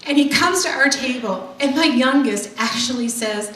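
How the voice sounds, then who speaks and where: A woman's voice: high-pitched, normal speed, few pauses, fairly bright tone. A middle-aged woman telling a stand-up comedy story in a brash, swearing, punchy way, with audience laughter behind her. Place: comedy club stage. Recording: roomy hall mic from far off, noisy.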